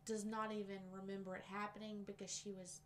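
A woman's voice: medium pitch, little pitch movement, brisk, a little hiss or hum. A woman in her twenties chatting casually, reading bits from a website with giggly, wry asides. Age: 20s.

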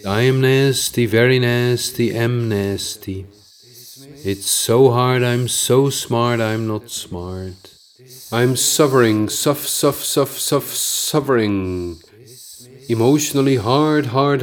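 A man's voice: medium pitch, slow pace, close to an everyday voice. A man playing a tired, self-pitying, bullying male manager with a Dutch accent, chanting short repetitive rhyming lines.

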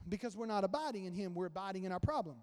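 A man's voice: high voice, animated, very fast, darkish tone, long reverb tail. A male pastor preaching a conversational sermon and acting out little dialogues. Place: church sanctuary.

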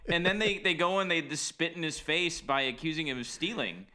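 A man's voice: on the high side, brisk, bright, forceful tone. A man co-hosting a casual podcast, retelling a film's plot in a loose, conversational way with many fillers. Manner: loose, uses many fillers, sympathetic asides. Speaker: podcast co-host. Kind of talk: casual movie recap chat.

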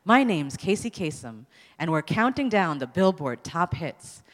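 Raspy radio DJ, read by a woman, countdown announcer patter, hall reverb. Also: fairly low pitch, very animated, a little slow. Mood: announcing. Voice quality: rasp. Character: smooth male radio countdown DJ.

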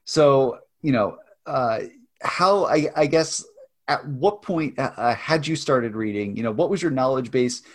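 Halting male interviewer. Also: medium pitch, lively intonation. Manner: halting, many fillers. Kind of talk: interview questions.

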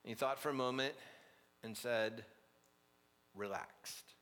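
Conversational preacher in an echoing hall. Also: male voice, mid-range voice, fairly even intonation, moderate pace, fairly bright tone. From Orange County, California. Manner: conversational, anecdotal, with frequent asides and restarts. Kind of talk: sermon with storytelling.

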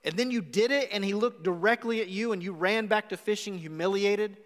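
A man's voice: sits high, a little fast, fairly bright tone. A male pastor preaching a live sermon in a church, retelling a story dramatically and speaking straight to his listeners. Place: church sanctuary. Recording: live church recording with long reverb.

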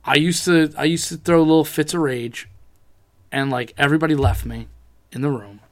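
A man's voice: on the high side, steady tone, normal speed. A young man telling a rambling, profane story in a casual chat among friends.

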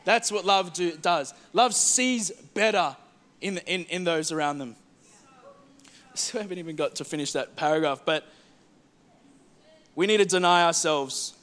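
A man preaches to his congregation in a church hall. His voice sits high and has a bright edge. He moves between ringing declarations and quiet, hushed asides, often repeating words as he builds a point. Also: unhurried, pauses often. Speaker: pastor. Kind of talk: sermon.

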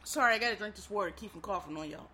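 A speaker with a Philadelphia accent chats straight to the camera in a loose, rambling monologue, swearing freely and calling the audience "y'all". The voice is bright and forward, with a middling pitch. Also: rapid-fire, a little hiss or hum, poor audio. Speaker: vlogger. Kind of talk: casual monologue to viewers.

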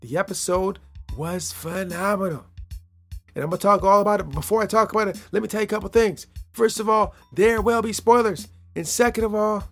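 A man's voice: high voice, brisk, fairly bright tone, faint music behind. A man hosting a casual solo podcast, playful and rambling, repeating phrases and laughing at his own jokes. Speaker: podcast host.

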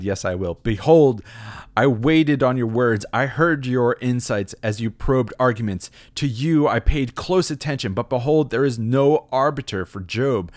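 A man voicing an arrogant young male blowhard who declaims loudly and pompously. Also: medium pitch, dry recording, clean studio sound, voice pushed up, close to an everyday voice.

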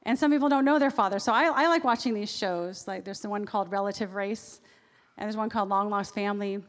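A woman's voice: mid-range voice, fast talker. A woman preacher giving a sermon in a conversational way, with personal asides. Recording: long reverb of a large hall.

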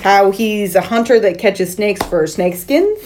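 A woman's voice: medium pitch, animated, a little slow, a little mellow, a little hiss or hum. Woman recapping a movie plot. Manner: recaps the plot, exasperated by interruptions. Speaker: podcast co-host. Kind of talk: casual movie recap chat.

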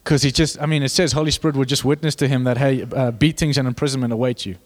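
A young man preaching a sermon, animated and joking with the congregation, building to fervent emphasis. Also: mid-range voice, quick pace. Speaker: pastor.

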